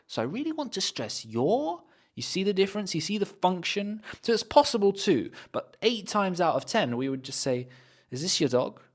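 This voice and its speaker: A man teaching English pronunciation, demonstrating example phrases by repeating them slowly. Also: mid-range voice, sing-song. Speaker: accent teacher. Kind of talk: pronunciation lesson.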